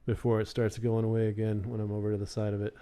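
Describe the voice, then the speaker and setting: A man with a warm, mellow voice talks through technical points on a stream, slow and methodical. His delivery is smooth and resonant, picked up by a studio condenser microphone. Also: completely flat delivery. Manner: explains methodically, thinking aloud. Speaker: livestream co-host. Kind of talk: casual technical chat. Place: home studio in Austin, Texas. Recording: air conditioning hum and computer rumble in the room.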